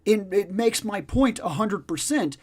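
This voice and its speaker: A man's voice: high voice, expressive, a little slow, slightly rough. Emphatic, swearing man ranting casually. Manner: emphatic, profane, repeats points for stress. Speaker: podcast host. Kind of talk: casual discussion chat.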